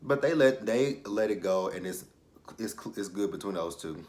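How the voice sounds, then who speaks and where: A man's voice: lowish voice, lively intonation, normal speed, darkish tone. Slangy man recapping a TV episode. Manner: loose, profane, laughing, with slang and many fillers. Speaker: TV episode reviewer, channel host.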